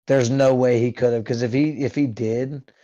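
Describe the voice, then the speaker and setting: A man's voice: mid-range voice, fairly even intonation, moderate pace, mellow. Rambling young man, dull lo-fi sound. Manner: rambling, crude joking, lots of fillers. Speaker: guest. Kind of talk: casual podcast chat.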